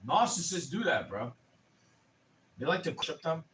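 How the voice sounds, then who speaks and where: A young man in his twenties, on a casual livestream, rants profanely and heatedly. His voice sits a bit high. He is heard from a distance off the mic, with faint noise behind. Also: very animated, normal speed, a bit bright. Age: 20s. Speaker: streamer.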